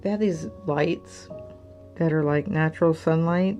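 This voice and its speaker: A woman's voice: deep voice, measured pace, mellow, faint music behind. A woman in her sixties chatting casually and venting while she works on a craft project, drifting into muttering to herself. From United States. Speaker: crafting channel host. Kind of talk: casual chat while diamond painting.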